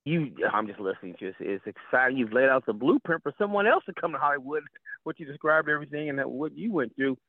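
A man's voice: fairly high pitch, animated, fast, dry recording. A man co-hosting a casual interview, speaking with enthusiasm and repeating his praise. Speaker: co-host. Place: small town in the American South. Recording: tinny phone-line call.

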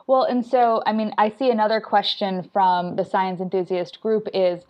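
A woman's voice: mid-range voice, fairly even intonation, moderate pace, muffled recording. A woman hosting a science podcast, asking questions and agreeing often with her guest. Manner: agreeable, lots of back-channel replies. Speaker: podcast host. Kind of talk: casual podcast chat.

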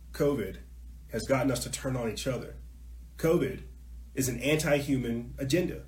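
A man hosting a call-in talk show, ranting in a heated monologue. He repeats himself and swings from muttering to shouting, his voice mid-pitched. The room around him is echoey. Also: slight background noise.

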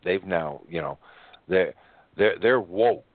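A man's voice: low-pitched, lively intonation, slow pace, dry recording. A man in casual radio chat, blunt and opinionated, often restarting his sentences. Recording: dry tinny phone-line audio.

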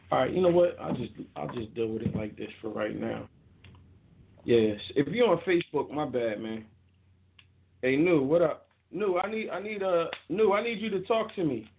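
A man hosts a casual call-in show from home, speaking loosely and directly to listeners over a phone. His voice is mid-range with a little hiss or hum, and the line sounds tinny.

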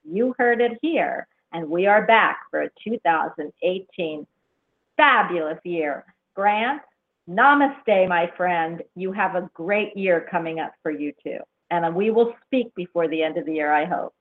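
A woman's voice: fairly low pitch, lively intonation, measured pace. A woman hosting a call-in show, effusive and exclamatory, laughing often as she chats. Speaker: radio show host. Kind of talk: casual call-in chat. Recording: tinny phone-line sound.

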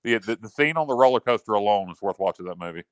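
A man's voice: on the low side, lively intonation, fast, dry recording. A man co-hosting a casual sports chat show, joking and self-mocking. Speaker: podcast co-host.

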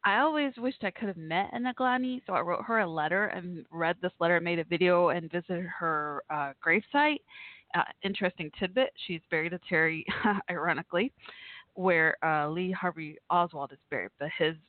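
A woman's voice: on the low side, fairly quick, no room sound. A woman hosting a live call-in show from home, gushing and laughing often. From Texas. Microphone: home setup. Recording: tinny phone-like line.

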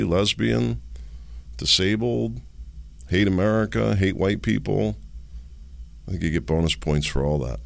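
A man's voice: low-pitched, vocal fry, no echo. A man hosting a political commentary podcast, talking alone with sarcastic, rhetorical questions to his listeners. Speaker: podcast host.

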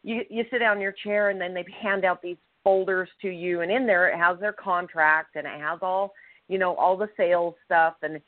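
A woman's voice: lowish voice, moderate pace, no echo. Woman telling a story over a tinny line. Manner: animated storyteller, acts out quotes. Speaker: podcast co-host. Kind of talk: casual storytelling. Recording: tinny phone-line sound, dry.

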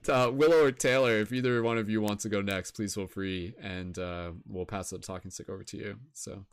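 A man's voice: on the low side, fairly even intonation, a little fast, clean tone, no echo. A young man hosting a casual video-call broadcast, rambling with many fillers and encouraging his guests. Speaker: host.

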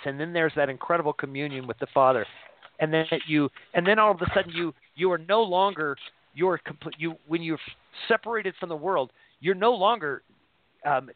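A man's voice: on the high side, slight background noise. A man hosting a casual faith discussion, talking earnestly and rambling, often repeating words as he thinks. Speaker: show host discussing scripture. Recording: tinny phone-line sound.

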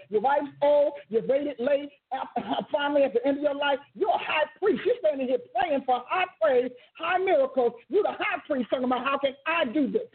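A woman preaching a sermon with passion, repeating and rephrasing her words and breaking into sudden exclamations. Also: high-pitched. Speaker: preacher and teacher. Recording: tinny phone-like sound.

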